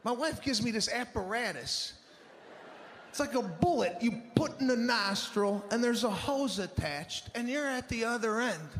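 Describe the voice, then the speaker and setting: Male stand-up comic with a high voice, animated and exasperated, loud punchlines, noisy live stage recording. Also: normal speed. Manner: animated, exasperated storytelling, often shouting punchlines. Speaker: stand-up comedian. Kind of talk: stand-up comedy set. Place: comedy stage before a live audience.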